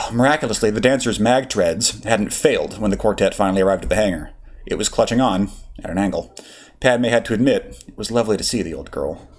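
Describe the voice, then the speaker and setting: A man narrating a fan fiction story aloud with a steady, expressive read. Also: lowish voice, a little fast. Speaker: audiobook reader.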